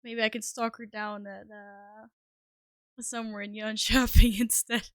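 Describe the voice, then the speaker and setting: A woman's voice: medium pitch, flat delivery, a little slow, no echo, studio quality. A woman streamer chatting casually and scatteredly with her viewers, self-deprecating and swearing often. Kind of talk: casual live-stream chat.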